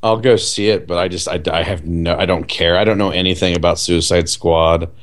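A man co-hosting a casual movie chat, blunt, sarcastic and quick to swear. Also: low voice, fairly even intonation.

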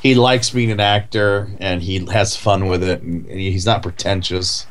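A man's voice: low voice, fairly even intonation, moderate pace. A man co-hosting a casual chat, rambling with lots of "like" and "you know". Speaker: podcast co-host.

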